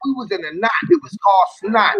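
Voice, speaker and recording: A man's voice: very high voice, big pitch swings, fast, gravelly, a bit bright, lo-fi sound. A man talking casually and profanely, rambling through loose wordplay as a guest on a stream.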